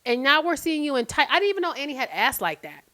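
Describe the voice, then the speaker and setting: Woman host with a high voice, casual recap chat, blunt and profane, heavy on fillers. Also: sing-song, fast, bright, forceful tone. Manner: chatty and blunt, swears freely, lots of fillers like "like".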